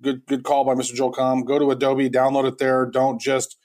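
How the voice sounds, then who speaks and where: A man of ordinary, mid-range pitch co-hosts a podcast, talking in a loose, rambling way. He often restarts his sentences and keeps things informal. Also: monotone, normal speed, a little mellow. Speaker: podcast co-host. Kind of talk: casual podcast chat.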